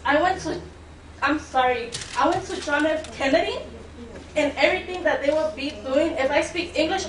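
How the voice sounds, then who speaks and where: A teenage girl from Mexico, whose first language is Spanish, gives emotional public comment as a student at a board meeting. Her high-pitched voice pleads earnestly and defiantly at a moderate pace, close to tears. She's recorded from far off in the echoey meeting room.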